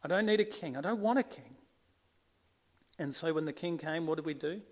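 High-voiced man preaching a sermon. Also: brisk. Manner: earnest, swings between emphatic and hushed.

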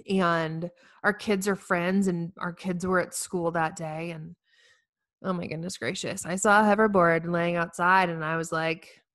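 A woman, giving a heartfelt inspirational talk to women, telling stories with earnest warmth and self-mocking humor. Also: on the low side, no echo. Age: 40s. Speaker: speaker addressing women facing infertility.

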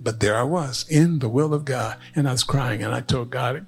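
An older man preaching a sermon, telling stories and swinging from hushed asides to rising, emphatic lines. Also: medium pitch, moderate pace, few pauses, faint music behind. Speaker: pastor.

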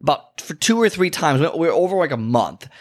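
Animated male fitness coach, chatty. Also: fairly quick. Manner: animated storyteller, acts out clients and himself with big pitch jumps; conversational, frequent "okay?" and "you know" asides. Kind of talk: casual talking-head advice.

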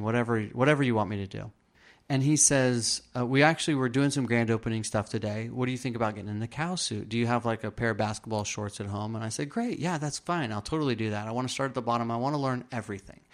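Regular-pitched guy telling his story in an interview, earnest, plays out the dialogue, lots of restarts. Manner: earnest, acts out quoted dialogue; frequent restarts and fillers. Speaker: interview guest. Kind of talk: personal storytelling.

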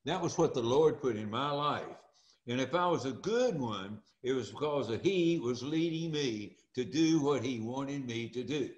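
A man's voice: medium pitch, normal speed, highs cut off. Folksy older man, echoey room. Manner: folksy and animated, acts out quoted voices. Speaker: interview guest, former speaker and coach. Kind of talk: storytelling interview.

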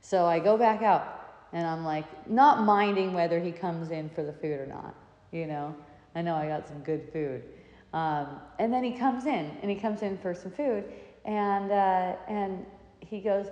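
A woman giving a reflective spiritual talk, telling a personal story in an animated, chatty way with frequent restarts. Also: lowish voice, unhurried, highs cut off. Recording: echoey hall, reverberant.

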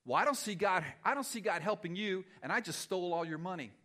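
A man's voice: high voice, lively intonation, fast talker, bright, forceful tone. A man preaching voices a wicked man mocking a believer in a taunting, scornful way.

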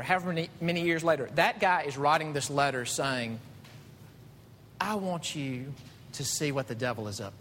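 A man preaching a sermon as pastor, animated, climbing to emphatic high peaks. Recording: reverberant hall with faint rumble.

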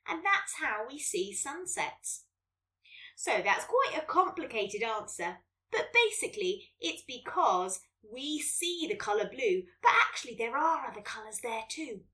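A woman hosts a children's podcast and reads a story aloud in a gentle, lively way. Her voice is bright and fairly high, rising and falling a great deal. She sits a little back from the mic. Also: unhurried, far from the mic.

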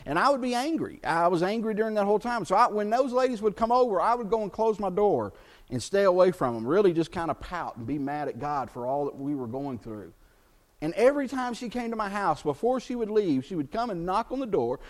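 Earnest high-voiced male pastor preaching. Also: animated. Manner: earnest storytelling with pauses, dropping to a hush on scripture. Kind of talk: sermon.

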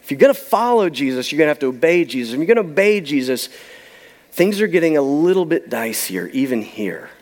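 A man's voice: a little high, very animated, a little fast. A man preaching a sermon, telling a story with emphasis and letting key lines trail off to a near-whisper. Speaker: pastor.

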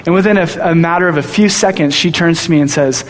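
A young man preaching a sermon, telling stories in an animated way. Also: a little high, fast talker. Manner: storytelling, animated. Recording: long hall reverb.

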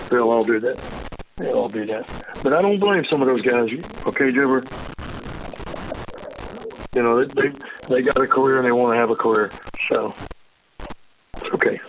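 An older man, a retired undercover agent, talking casually and emphatically, agitated and swearing, with sudden high bursts. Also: slight background noise, rough recording. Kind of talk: casual conversation.

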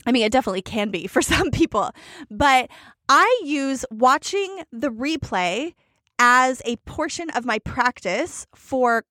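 A woman giving public speaking tips in an animated way, shifting her pace and pausing for effect. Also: on the high side, dry recording, studio quality.

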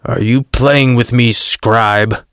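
A man's voice: mid-range voice, fairly even intonation, takes it slowly, a bit bright, clean tone, no echo, studio quality. A man voicing an impatient, sarcastic Roman governor who barks his words. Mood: suspicious. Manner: sarcastic, commanding.

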